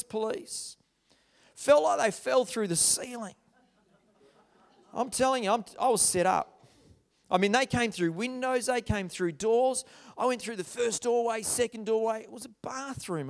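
A young man telling his life story as an earnest testimony, moving between loud, animated stretches and hushed, quiet ones. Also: high voice, clean tone. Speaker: speaker sharing a personal testimony. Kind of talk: testimony talk.

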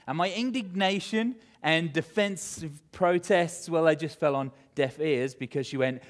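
A man preaching a sermon, reading scripture and telling a self-mocking story with animated humor. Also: fairly high pitch, a little slow, few pauses. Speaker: pastor.

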